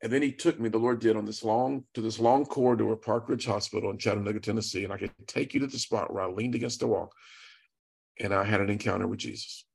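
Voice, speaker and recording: A man's voice: fairly low pitch, steady tone, fast talker, gravelly, slightly rough. A man telling an earnest, dramatic testimony as a guest, acting out the dialogue. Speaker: guest speaker. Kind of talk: storytelling testimony.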